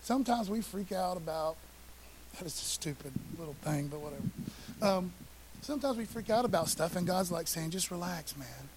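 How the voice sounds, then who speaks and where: Pastor, middle-aged man, high-pitched; easygoing slangy sermon, loud then hushed, light hiss. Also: lively intonation, fairly quick. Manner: conversational preaching, swinging between loud and hushed; casual slang and asides. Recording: faint hiss.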